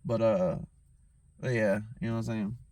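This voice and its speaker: A man's voice: lowish voice, fairly even intonation, moderate pace, warm tone. A tipsy man hosting his own show, telling a story in a heated, profane rant and often asking "you know what I'm saying". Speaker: host.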